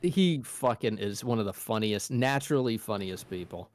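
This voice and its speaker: A man on a podcast, joking and swearing casually, dropping quick impressions into the chat. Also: on the low side, lively intonation.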